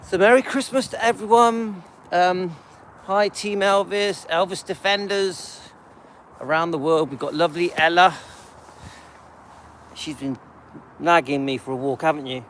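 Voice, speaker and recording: A man's voice: sits high, unhurried, pauses often, a bit bright. Englishman in his middle years rambling on a live stream while walking the dog, lotsa ums, bit of street noise behind. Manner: rambling, chatty, loose asides with many ums. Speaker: channel host.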